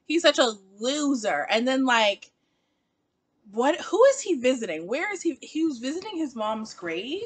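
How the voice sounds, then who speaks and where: A woman reviewing a TV episode in a casual vlog, chatty and exasperated, laughing often. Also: on the high side. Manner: animated, laughing, exasperated asides. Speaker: TV show reviewer.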